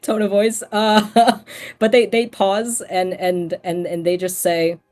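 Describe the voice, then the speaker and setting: A woman's voice: mid-range voice, little pitch movement, slow pace, darkish tone, soft background music. A woman narrating as game master of a tabletop role-playing game, rambling with many fillers. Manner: rambling, lots of fillers, laughs easily.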